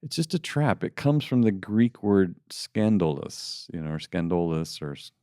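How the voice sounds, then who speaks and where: A man's voice: fairly low pitch, very animated, a little fast, warm tone, no room sound, studio quality. A middle-aged man co-hosting a faith podcast, talking casually and putting on mocking voices when he quotes people. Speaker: podcast co-host.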